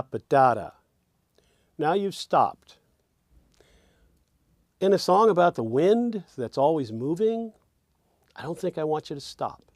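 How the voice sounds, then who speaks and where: A man's voice: on the high side, a little mellow, dry recording, studio quality. A man teaching songwriting in a reflective lecture, often sounding out rhythms with sung syllables.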